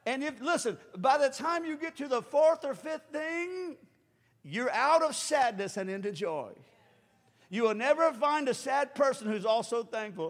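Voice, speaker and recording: A man preaching a sermon as pastor, animated, acting out quoted voices and rising to shouts. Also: very high voice, unhurried. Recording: long hall reverb.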